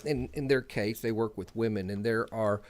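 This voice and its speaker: A man's voice: on the low side, normal speed. A man co-hosting a community radio show, mostly reacting with short remarks in casual chat. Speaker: radio co-host. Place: radio studio.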